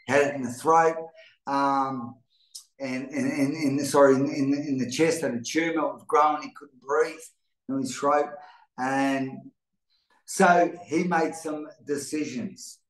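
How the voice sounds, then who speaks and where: A man's voice: medium pitch, fairly even intonation, unhurried. Earnest man in an echoey room. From Australia. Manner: rambling, repeats and restarts words, earnest. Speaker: host. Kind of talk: live motivational talk. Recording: roomy echo.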